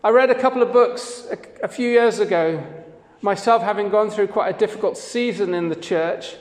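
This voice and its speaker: A man's voice: high voice, moderate pace, in a large hall. A man preaching a sermon as pastor, in an earnest, conversational way, with quoted readings woven in.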